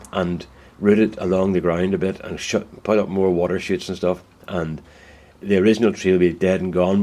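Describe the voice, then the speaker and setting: A deep-voiced man talks casually in his woodworking shed. He rambles in a folksy, easygoing way and often corrects himself mid-sentence. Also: dark tone. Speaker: woodturner. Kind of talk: casual workshop vlog.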